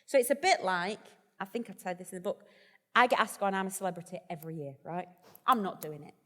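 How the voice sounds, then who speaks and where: A woman's voice: on the low side, expressive, quick pace, sharp tone, long reverb tail. A woman vicar as the guest in a live stage conversation, chatty, jokey and self-deprecating. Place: festival event hall.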